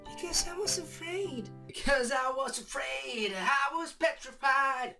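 A man voicing a shy, mysterious young woman hiding in a forest, speaking high and soft with some hesitation. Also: a little slow, gravelly, faint music behind, full character voice. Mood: fearful.

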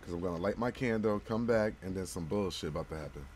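A man's voice: low voice, fast talker, slight background noise. A man hosting a let's-play, commenting casually with slang and frequent swearing. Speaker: gaming channel host.

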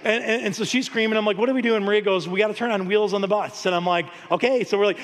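A pastor preaching a lively, story-filled sermon, often laughing. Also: male voice, high-pitched, fast talker, few pauses. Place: church sanctuary. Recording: long hall reverb.

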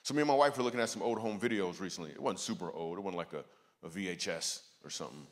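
A man's voice: deep voice, quick pace. A man giving a guest sermon at a church, telling funny stories and bantering with the crowd. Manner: storytelling with jokes, lively asides to the crowd. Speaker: guest speaker. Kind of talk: comedic sermon. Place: church auditorium. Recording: church hall reverb.

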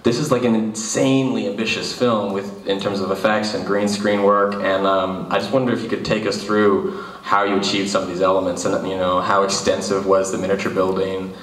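A man's voice: low voice, flat delivery, brisk, a bit bright. A man hosting a live film Q&A, asking long, rambling questions full of restarts. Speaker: festival Q&A moderator. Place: cinema hall after a screening. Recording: roomy, distant mic in a theater.

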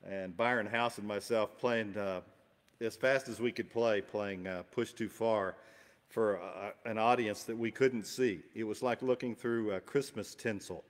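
A man with a lowish voice chats casually to an online audience before playing. He rambles in an easygoing, self-deprecating way. His voice carries a long reverb tail from the home studio. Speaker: musician hosting a livestream concert. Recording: long reverberant room sound.

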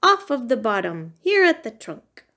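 A woman's voice: fairly high pitch, big pitch swings, measured pace, sharp tone, heavily acted. A woman voicing a sleepy, good-natured papa bear in a read-aloud storybook. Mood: drowsy. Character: drowsy kindly papa bear.

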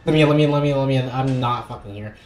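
A young man commentating a horror game he is playing, swearing and swinging between hushed muttering and frantic outbursts. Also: medium pitch, rapid-fire. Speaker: gaming channel host.

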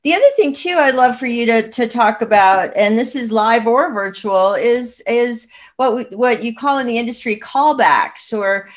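A woman's voice: on the high side, moderate pace, few pauses. A woman hosting an interview, summing up points and then asking the next question in an affirming way. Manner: affirming, sums up then asks. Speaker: interviewer and show host.

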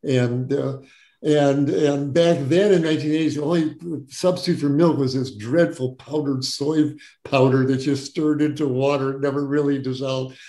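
A man's voice: mid-range voice, steady tone, normal speed, mellow, echoey room. An older man from Wisconsin, a doctor being interviewed, telling his story earnestly and stressing words by repeating them. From Wisconsin, USA. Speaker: guest doctor.

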